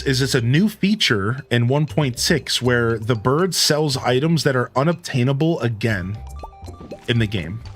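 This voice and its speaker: A man streaming a game live, chatting casually and answering viewers' comments as he plays. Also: medium pitch. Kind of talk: casual live-stream chat while gaming.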